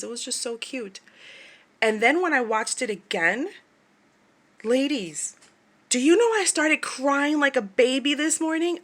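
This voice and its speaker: A woman's voice: medium pitch, sharp tone. A middle-aged woman who runs a craft shop, chatting casually to her viewers, laughing often and imitating other people as she tells stories. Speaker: craft shop owner vlogger. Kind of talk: casual chat to camera.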